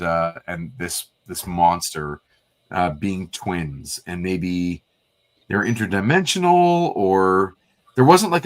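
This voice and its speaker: Casting: male co-host, low voice, meandering casual chat. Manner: rambling, hesitant, fillers. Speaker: livestream co-host.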